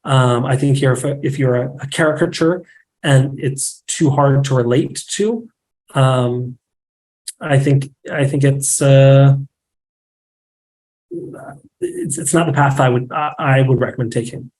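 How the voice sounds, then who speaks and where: Unhurried and medium-pitched, a man who works as a real estate marketing director speaks candidly as a podcast guest, with rough recording quality. He's animated in the casual chat, performing bits of quoted dialogue as he argues his points.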